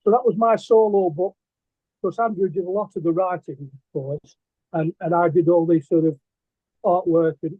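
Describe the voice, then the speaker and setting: A man's voice: fairly high pitch, husky, no echo. An older man, a guest artist telling stories in a casual interview, rambling and hesitant with lots of fillers and restarts. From England. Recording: dry, tinny phone-like line.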